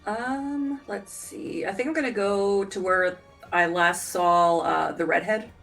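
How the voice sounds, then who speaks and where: A woman playing a tabletop game, speaking hesitantly and softly. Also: medium pitch, steady tone, slow, gravelly, distant mic, faint music behind. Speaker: player. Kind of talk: casual tabletop game play.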